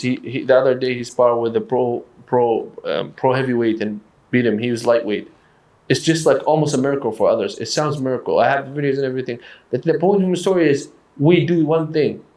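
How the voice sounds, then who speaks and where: A man's voice: medium pitch, a little mellow. A boxing coach, telling stories earnestly in a casual podcast conversation, often restarting his sentences. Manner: earnest, storytelling, halting restarts.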